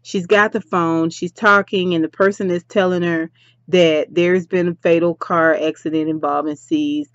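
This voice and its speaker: A woman's voice: on the low side, steady tone, moderate pace, no room sound. A woman chatting casually as she recaps a reality show, sassy and talking straight to her listeners. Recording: dry, slightly dull lo-fi sound.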